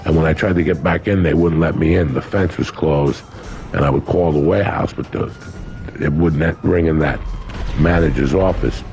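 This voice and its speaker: Man, sixties, very deep voice, gravelly, blunt, profane, casual storytelling, podcast guest. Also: moderate pace, a little mellow, a little hiss or hum.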